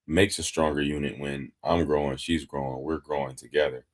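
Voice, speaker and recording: A man from Detroit co-hosting a relaxed podcast with his wife, easygoing and explaining things in long, loose runs. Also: extremely low pitch, normal speed. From Detroit, Michigan. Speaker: podcast co-host. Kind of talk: casual chat.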